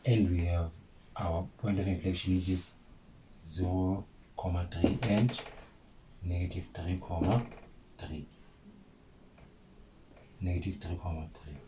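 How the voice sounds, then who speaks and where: This maths tutor has a deep voice and a steady tone, moving at a measured pace and pausing often, with some noise in the background. He talks to viewers casually as "guys" and keeps repeating himself on the main points.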